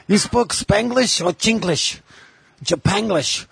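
A man's voice: sits high, animated, very slow, vocal fry, sharp tone, slightly rough, no echo, voice pushed up, heavily acted. A man voicing a mock old man who speaks broken English in a strained, stiff way.

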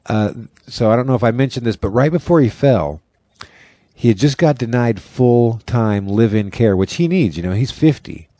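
A man's voice: mid-range voice, expressive, normal speed, dry recording. A man co-hosting a casual podcast, swearing freely and rambling through stories. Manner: swearing, rambling, does loud mocking impressions. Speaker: podcast co-host. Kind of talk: casual chat, profane storytelling.

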